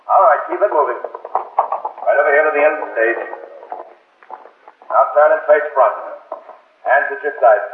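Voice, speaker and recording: A man voicing a brisk, stern police sergeant, heard through a tinny, narrow old radio broadcast. His firm, businesslike announcing rings in a roomy, echoing space, and his voice sits somewhat high. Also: slight background noise, natural voice. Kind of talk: 1950s radio crime drama.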